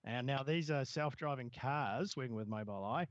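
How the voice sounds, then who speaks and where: Rambling co-host with a dry, dull sound. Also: male voice, medium pitch, normal speed, no room sound. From Southern Hemisphere. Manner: rambling, hesitant, many fillers. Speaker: podcast co-host. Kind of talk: casual tech news chat.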